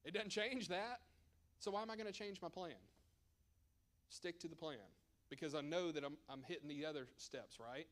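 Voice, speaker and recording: A man's voice: a little high, moderate pace, a bit bright. A man presenting at a church seminar as a financial advisor, conversational and emphatic with joking asides.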